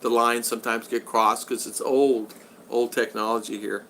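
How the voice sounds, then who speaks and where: A man's voice: medium pitch, little pitch movement, normal speed, pushed and bright, a little hiss or hum. Upbeat rambling older man from Utah. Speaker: livestream host. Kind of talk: casual livestream chat reading viewer comments. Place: home in the Philippines.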